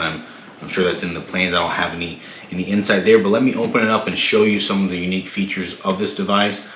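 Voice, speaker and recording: Male tech host, deep voice, casual unboxing, echoey room with faint hiss. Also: fast talker. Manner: relaxed, many fillers and restarts. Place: home room.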